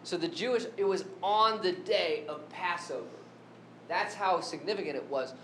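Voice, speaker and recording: A man's voice: moderate pace, fairly bright tone. A man preaching a sermon who keeps asking the congregation questions. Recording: echoey room with faint rumble.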